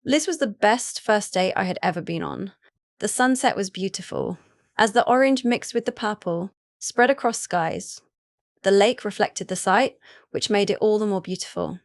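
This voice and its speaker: A woman narrating a first-person romance audiobook in an even, unhurried reading voice. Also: medium pitch, no room sound, clean studio sound.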